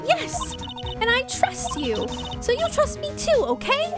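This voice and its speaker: Woman voicing a sweet trusting young girl, way high, soft, game music playing. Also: wildly swooping pitch, takes it slowly, full character voice.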